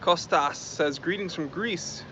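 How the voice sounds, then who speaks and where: A man's voice: on the high side, slow pace, noisy background. A man hosting a casual live stream, chatting and reading out and thanking viewer comments. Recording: dull lo-fi stream audio.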